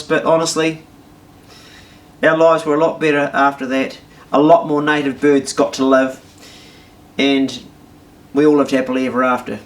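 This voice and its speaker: Pria Selandia Baru bersuara serak. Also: male voice, medium pitch, creaky, a bit bright. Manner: blunt, crude, wry. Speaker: storyteller. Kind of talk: casual storytelling vlog. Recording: voice from a distance.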